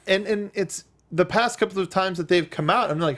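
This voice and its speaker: A man's voice: normal speed, fairly bright tone. A man hosting a casual recap chat, with a slightly raised voice. He rambles playfully, stacking tangents and jokes as he talks. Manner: rambling, playful, quotes himself in high voice. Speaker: host.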